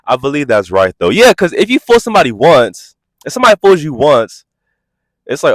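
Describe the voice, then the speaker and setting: Brief: incredulous male reality-TV reviewer, a bit high-pitched, dry close mic. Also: moderate pace, dry recording. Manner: animated, incredulous, sassy, keeps asking "are you serious". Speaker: reality TV reviewer, channel host. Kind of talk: casual commentary vlog.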